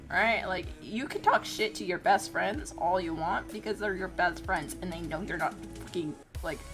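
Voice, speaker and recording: A young woman telling a story casually as a streamer, profane and exasperated, with laughing squeals. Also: medium pitch. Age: young adult.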